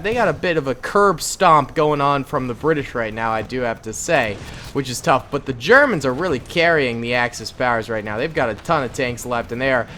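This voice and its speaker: A young man casually commentating a war simulation game, jokey and excitable with rambling asides. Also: mid-range voice, slight background noise. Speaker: gaming YouTuber. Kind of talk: let's play commentary.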